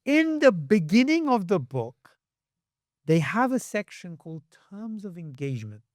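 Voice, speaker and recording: Animated man, slightly high voice. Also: a little slow, no room sound, clean studio sound. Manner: animated, acts out quoted voices with sharp pitch jumps. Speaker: podcast guest. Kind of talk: podcast conversation.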